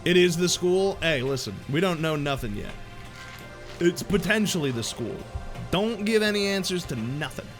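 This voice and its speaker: Brief: male game streamer, casual let's-play commentary, rambling and jokey, high animated voice, faint music behind. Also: normal speed. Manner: rambling, self-deprecating, jokey.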